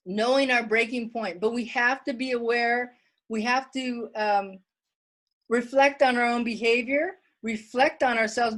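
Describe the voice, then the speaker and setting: A woman giving an online wellness workshop talk from home, chatty and plain-spoken, reading viewer comments aloud. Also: on the high side.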